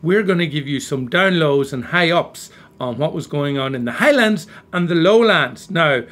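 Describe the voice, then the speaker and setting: A man's voice: a little high, expressive, normal speed, fairly bright tone. A man from Cleveland co-hosting a comedic review chat, joking theatrically in an accent he has put on. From Cleveland, USA. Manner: theatrical, joking, puts on a Scottish-style accent. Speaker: co-host.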